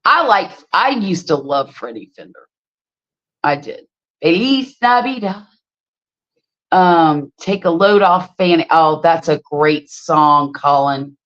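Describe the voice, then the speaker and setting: A middle-aged woman hosting a casual livestream and telling stories with a lively, swooping voice. She reads viewer comments and exclaims freely. The sound is slightly muffled, as if from a lo-fi home stream. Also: sits low, slow pace. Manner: animated storyteller, exclaims freely. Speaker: livestream host. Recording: slightly dull lo-fi stream audio.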